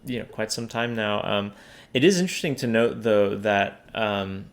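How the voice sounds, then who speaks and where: A man's voice: fairly low pitch, normal speed. A man co-hosting a casual book podcast, talking hesitantly with many fillers and restarts. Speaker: podcast co-host.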